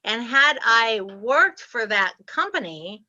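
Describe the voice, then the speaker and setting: Bright-voiced woman in her sixties. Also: on the high side, slow. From Ohio, US Midwest. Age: 60s. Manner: animated, laughs often, acts out her past self. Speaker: guest. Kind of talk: casual storytelling interview. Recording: slightly muffled lo-fi audio.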